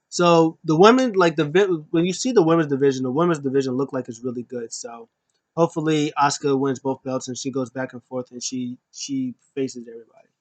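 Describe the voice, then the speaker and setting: A man's voice: medium pitch, no room sound. A man recapping a wrestling show in a casual, rambling way, full of ums and uhs. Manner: rambling, filler-heavy, animated.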